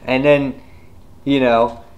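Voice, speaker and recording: A man's voice: mid-range voice, level tone, takes it slowly, muffled recording. Rambling man casually reviewing a comic. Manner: rambling, with many fillers, acting out scenes with loud outbursts.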